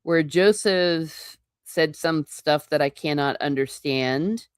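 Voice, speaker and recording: A woman's voice: deep voice, takes it slowly, clean tone, dry recording, clean studio sound. A woman hosting a live book reading, breaking in with chatty, wry asides. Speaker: book channel host.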